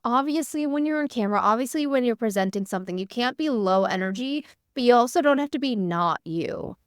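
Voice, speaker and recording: Chatty young woman, smooth higher voice. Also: quick pace, no echo, clean studio sound. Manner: chatty, candid, many "like" fillers. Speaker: workshop host. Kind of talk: casual workshop talk.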